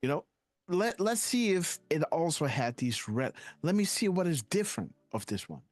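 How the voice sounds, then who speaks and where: A man's voice: a little high, big pitch swings, moderate pace, dry recording. A man hosting a live decoding stream, rambling and hesitant, often tagging "guys, right?" onto his sentences. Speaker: host.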